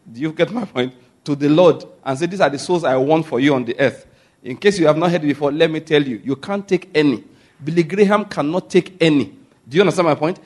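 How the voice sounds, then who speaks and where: A man's voice: a little high, slightly rough. A man preaching a sermon, who keeps asking his listeners whether they follow him.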